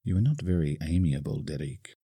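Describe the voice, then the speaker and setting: Man playing a French woman dancer, teasing, insolent, husky, close dry sound. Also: a bass voice, animated, a little fast, dark tone, no echo, full character voice. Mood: mocking.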